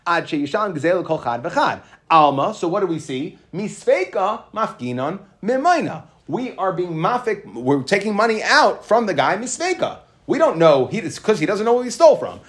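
A man's voice: sits high, sing-song, moderate pace, few pauses, fairly bright tone. A man teaching a Talmud lesson, explaining step by step, mixing Hebrew and Aramaic terms into English and checking in with "right?".

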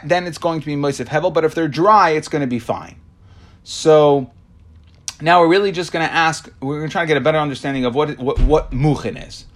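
A man's voice: fairly high pitch, a bit bright. A man teaching a Talmud class, reading Aramaic lines and translating them, explaining with many fillers and restarts. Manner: reads Aramaic then translates.

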